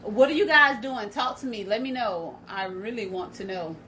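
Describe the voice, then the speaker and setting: A woman's voice: mid-range voice, moderate pace, pushed and bright, a little hiss or hum, low-quality recording. A woman in her thirties with a Southern American accent, hosting a casual live stream and chatting directly to her viewers.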